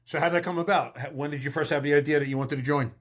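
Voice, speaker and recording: A man's voice: fairly high pitch, steady tone, very fast. A man in his fifties hosting a podcast, chatting casually and calling his guest bro and brother. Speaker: podcast host. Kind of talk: casual interview chat.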